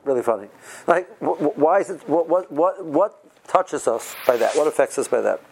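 A man's voice: fairly high pitch, expressive, moderate pace, gravelly, a little hiss or hum, low-quality recording. A man teaching an informal Torah lecture, conversational and full of rhetorical questions, with Hebrew terms mixed in. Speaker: rabbi teaching Torah class.

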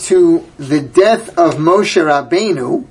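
A man's voice: fairly high pitch, lively intonation, takes it slowly, a little mellow, a little hiss or hum. A man teaching a Torah class, reading verses aloud and then translating and explaining them. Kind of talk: Bible class lecture.

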